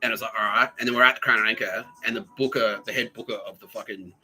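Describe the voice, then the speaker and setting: Profane rambling man, bright voice. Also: on the low side, steady tone, racing, faint music behind, low-quality recording. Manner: rambling, profane, laughing storyteller. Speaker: podcast host. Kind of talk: casual storytelling.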